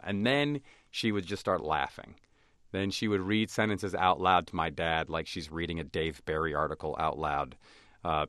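An American actor and comedian, appearing as a guest in a conversational interview, tells animated stories and acts out other people's voices. His voice is low, and the sound is studio quality with no echo.

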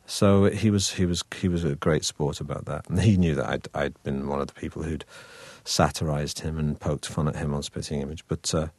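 A comic actor in an interview, telling anecdotes with lots of restarts and chuckles. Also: male voice, extremely low pitch, steady tone, fairly quick, hardly any pauses, a little mellow, husky, no room sound. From Britain. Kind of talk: casual interview chat.

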